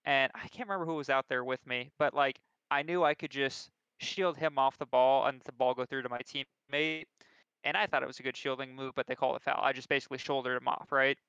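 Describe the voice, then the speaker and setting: Bright, crisp-voiced young man telling a story. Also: mid-range voice, a little fast, no echo. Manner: animated, self-deprecating storyteller. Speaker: podcast co-host. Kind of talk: casual storytelling chat. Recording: dull lo-fi recording.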